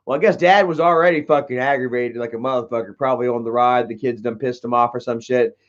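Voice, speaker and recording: A man's voice: medium pitch, steady tone, fast, lo-fi sound. A man hosting a livestream, telling rambling stories full of swearing, peppered with "you know" and "bro". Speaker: livestream host answering chat. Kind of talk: casual profane storytelling.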